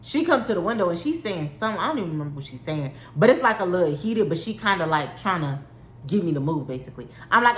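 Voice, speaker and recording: A woman's voice: fairly low pitch, sing-song, quick pace, roomy sound. A young woman, telling a heated storytime, swearing and repeating herself for emphasis. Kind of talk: storytime vlog.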